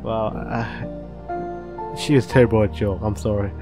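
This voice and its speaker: A gaming channel host with a lowish, mellow voice speaks slowly and fairly evenly over soft background music. In this casual let's-play he chats, reads the game's text aloud, laughs often, and swears.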